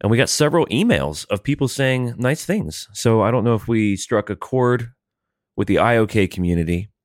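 A man's voice: on the low side, expressive, normal speed, dry recording. A man co-hosting a comedy podcast, with dry, sardonic humor in casual banter. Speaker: podcast co-host.

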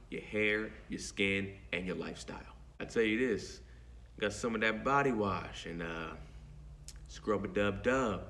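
A man co-hosting a podcast, reading a sponsor ad in a playful, boastful, joking way. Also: a bit bright. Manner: boastful, joking, plays up the pitch with mock quotes. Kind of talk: playful ad read.

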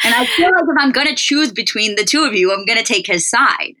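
A young woman co-hosting a podcast, telling stories in quick, enthusiastic casual chat. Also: a little high, animated, bright, forceful tone. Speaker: podcast co-host.

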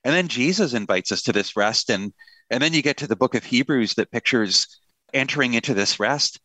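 A man's voice: mid-range voice, lively intonation, brisk, sharp tone, no echo. A middle-aged man, a pastor and author, talking earnestly in a conversational interview with a touch of self-deprecating humor.

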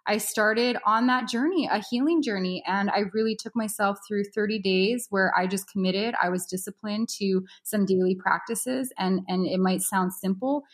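Brief: young woman, coach being interviewed, thoughtful, chatty, mid-pitched. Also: normal speed, hardly any pauses. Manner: reflective, uses many fillers like "you know" and "right". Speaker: yoga instructor and mindset coach. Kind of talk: casual interview conversation.

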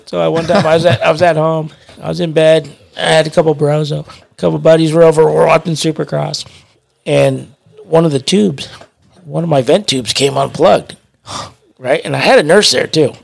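Brief: man, somewhat high, gravelly voice, laid-back slangy storyteller. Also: steady tone, normal speed. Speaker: podcast guest. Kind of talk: casual chat.

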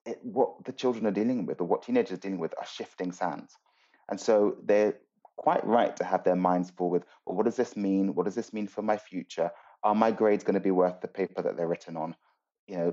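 A man, a guest on a podcast, explaining mindfulness in an earnest, thoughtful way with pauses and restarts. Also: lowish voice, dark tone, highs cut off.

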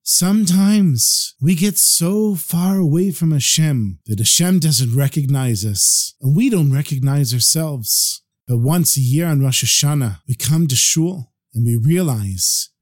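Man, storyteller, animated parable telling, expressive, somewhat high voice. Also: a little slow, hardly any pauses.

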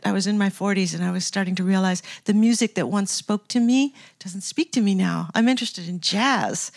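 An older woman talking in an interview, telling stories in a reflective, chatty way with frequent laughs and restarts. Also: medium pitch. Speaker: guest, record producer turned scientist. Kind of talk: casual interview storytelling.

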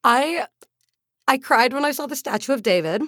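Gushing woman with a high voice. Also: expressive, normal speed, fairly bright tone, no echo, studio quality. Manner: gushing, laughs often, self-mocking. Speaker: podcast co-host. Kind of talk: casual chat.

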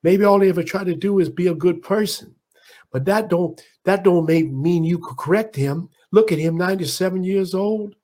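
A proud, commanding boxing champion, as a man impersonates him in the middle of a story. The voice jumps well above the storyteller's own pitch and pushes out loud and emphatic, with a husky edge. He lectures with force. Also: moderate pace. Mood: indignant. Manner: loud, emphatic, preaching about respect. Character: impression of a famous boxer, commanding proud man.

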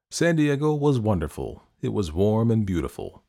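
A man hosting a podcast, reading stories aloud in calm, measured scripted narration. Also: fairly low pitch, vocal fry. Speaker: podcast host and story narrator.

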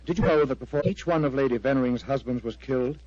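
A man's voice: mid-range voice, fast talker, a little mellow, natural voice. An actor playing an agitated, earnest clergyman in a vintage radio drama, pleading and intense. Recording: dry, dull lo-fi old radio recording.

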